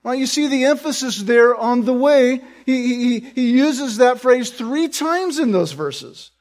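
A man's voice: very high voice, expressive, a little slow, darkish tone. A man preaching a sermon as pastor, explaining earnestly and often asking listeners "right?" to check in.

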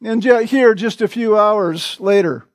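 A male pastor preaching a sermon in a slow, deliberate way, repeating short phrases for emphasis. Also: high-pitched, no room sound.

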